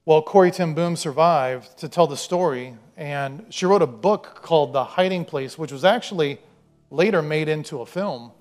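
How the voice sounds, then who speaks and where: High-voiced pastor preaching conversationally. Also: male voice, normal speed, a little mellow. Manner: conversational, storytelling, acts out quoted voices. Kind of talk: sermon.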